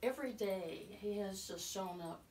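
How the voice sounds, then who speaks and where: A woman's voice: medium pitch, moderate pace, darkish tone, slight background noise. A middle-aged woman, a guest telling her personal story in a casual chat, earnest and emotional, with many fillers. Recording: roomy, from a distance, faint ambience.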